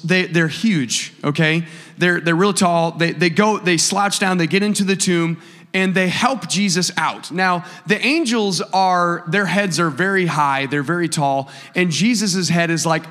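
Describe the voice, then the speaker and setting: A man's voice: high voice, fairly bright tone. Male preacher, conversational storyteller, church sanctuary with long reverb. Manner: conversational storytelling with audience call-and-response. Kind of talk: sermon.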